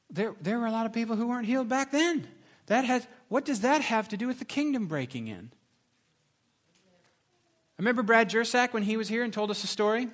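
Animated man preaching a sermon. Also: a little fast. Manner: animated storytelling, acts out voices with big pitch jumps. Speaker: pastor.

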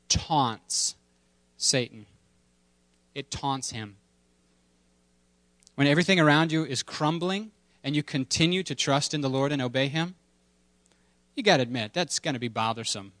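A man's voice: on the high side, a bit bright, no room sound. A man preaching a sermon in a conversational, humorous way, with playful asides and emphatic repetition. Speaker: pastor.

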